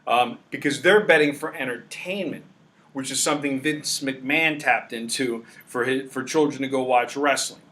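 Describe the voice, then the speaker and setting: Brash, bright-voiced man hosting. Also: mid-range voice, moderate pace. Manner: brash, emphatic, salesman-like. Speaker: sports betting show host. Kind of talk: casual sports betting talk.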